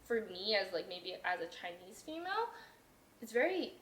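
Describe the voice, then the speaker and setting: A woman's voice: mid-range voice, very animated, moderate pace, a bit bright. A young woman hosting a podcast in casual chat, telling stories with a lot of energy, swearing freely and acting out what other people said. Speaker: podcast host. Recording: roomy echo.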